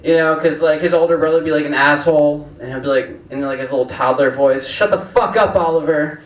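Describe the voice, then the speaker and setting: A man's voice: fairly high pitch, little pitch movement, quick pace. A man hosting a stand-up comedy night, telling rambling, profane stories full of fillers. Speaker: comedy show host. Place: comedy club stage. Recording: roomy, distant club recording.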